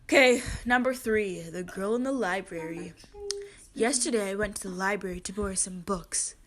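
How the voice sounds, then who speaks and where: A young woman chatting with friends and reading riddles aloud, loud and giggly, swearing often. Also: medium pitch, moderate pace.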